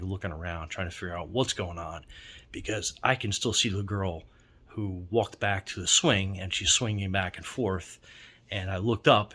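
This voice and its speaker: Man, deep voice, bright tone, rambling casual storytelling, lots of fillers. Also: husky. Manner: rambling, full of fillers and restarts. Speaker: storyteller recounting a ghost encounter.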